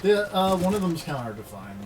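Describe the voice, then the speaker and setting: A man chatting casually about a game, chiming in with relaxed remarks. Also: high voice, brisk, far from the mic, noisy background. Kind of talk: casual gaming chat.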